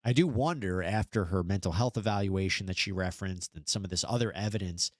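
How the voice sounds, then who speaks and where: A man's voice: sits low, no room sound, studio quality. A man hosting a true-crime news commentary, narrating in a skeptical, wry manner. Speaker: host.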